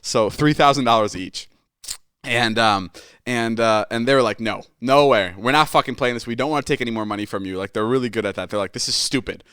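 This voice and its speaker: A man in his twenties, a podcast host, telling a story in a casual, animated way with lots of swearing, acting out his friends' lines as he goes. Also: mid-range voice, brisk, clear, resonant tone, dry recording, clean studio sound.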